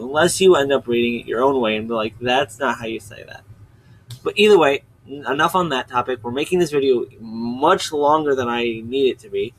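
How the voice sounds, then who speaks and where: A man's voice: mid-range voice, breathy edge, rough recording. A man hosting his own video channel, giving a casual, rambling recap and often stopping to correct himself. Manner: chatty, digressive, often stops to correct himself. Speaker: video host summarizing a webcomic.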